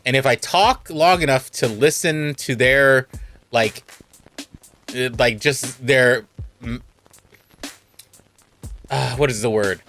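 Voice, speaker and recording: A man's voice: medium pitch, slow pace, pauses often, fairly bright tone. Californian male streamer, chatty and self-deprecating, faint music behind. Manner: rambling, self-mocking, laughs a lot. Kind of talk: casual storytelling on stream.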